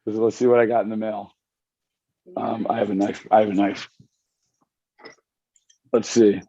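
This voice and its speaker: Rambling, excitable man on a call. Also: fairly low pitch, moderate pace, creaky, breathy edge, lo-fi sound. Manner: rambling, enthusiastic, frequent restarts. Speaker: magazine editor guest. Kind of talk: casual interview chat. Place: home with dog and wife nearby.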